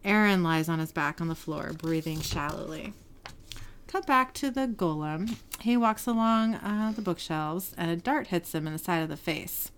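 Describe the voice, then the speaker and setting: Retelling a TV episode one scene at a time, a podcast host speaks in a low-leaning voice at normal speed over slight background noise. She briefly shifts her voice for the characters' lines, laughing frequently.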